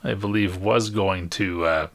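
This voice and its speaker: A man runs a tabletop game at a slow, wry pace. His voice sits low and the sound is dry and close, with no room around it. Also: fairly even intonation, fairly bright tone, no room sound. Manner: slow, wry narration with puns and laughs. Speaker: game master.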